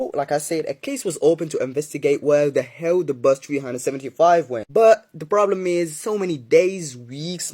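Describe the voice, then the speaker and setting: A man casually telling a horror story, chatting directly to his listeners with quick recaps and asides. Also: fairly high pitch, mellow.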